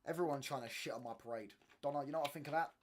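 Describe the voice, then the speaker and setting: A man's voice: fairly high pitch, racing, a little hiss or hum. A young man, hosting a casual livestream, rambling in slangy talk and often asking "you get what I'm saying". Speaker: channel host. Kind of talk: casual livestream chat reading comments.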